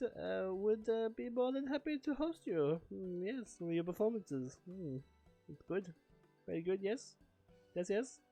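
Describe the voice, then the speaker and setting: Brief: man doing a pompous game noble patron, fawning and lofty, pitched well above his own voice. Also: darkish tone.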